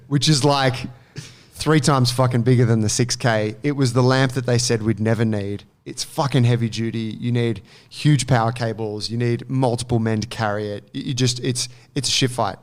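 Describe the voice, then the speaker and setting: A man, co-hosting a casual chat and telling an animated, sweary story. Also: mid-range voice, moderate pace. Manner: animated storyteller, swears freely, acts out quotes. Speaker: podcast co-host.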